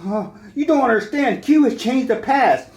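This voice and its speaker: A man's voice: very high-pitched, lively intonation, normal speed, a little mellow, pitched above the performer's own voice. A man voicing an earnest, worried starship captain in a comic parody skit, pleading and stammering. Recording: roomy echo.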